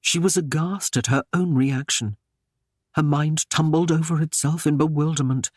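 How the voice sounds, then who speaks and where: This historical romance audiobook is narrated from a script by a man whose pitch is fairly high; he tells the story at a measured, even pace. The recording is dry and clean, studio quality.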